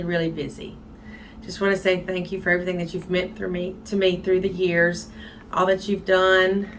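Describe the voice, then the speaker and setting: Woman colleague, low-ish flat voice, quick thank-you, slight room hum. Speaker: school colleague. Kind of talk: tribute message.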